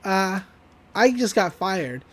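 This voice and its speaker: A laid-back cartoon teenage girl, quoted by a podcaster talks in a casual, offhand way. Her voice sits a little low and quiet against the recap around it. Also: big pitch swings, slow.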